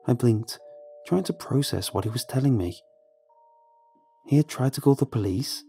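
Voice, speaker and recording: A man reading a horror story aloud as a scripted narration, with measured, tense storytelling. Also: fairly low pitch, expressive, dark tone, faint music behind.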